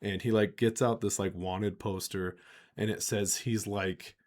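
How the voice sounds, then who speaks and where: A man's voice: on the low side, steady tone, measured pace, a little mellow. A man hosting a podcast, telling a long story casually and laughing often. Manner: laughing often, rambling with fillers. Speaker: podcast host.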